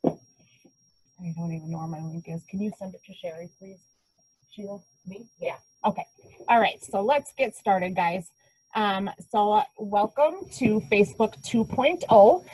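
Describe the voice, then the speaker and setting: A woman's voice: medium pitch, measured pace, a little mellow, slightly rough, rough recording. A woman instructor opening an online class over a video call, upbeat and chatty, a little scattered.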